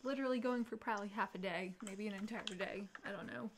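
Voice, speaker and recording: A woman co-hosting a livestream, chatting casually, teasing and blunt, quick to laugh. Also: medium pitch. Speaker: livestream co-host. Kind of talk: casual chat. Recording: noisy background.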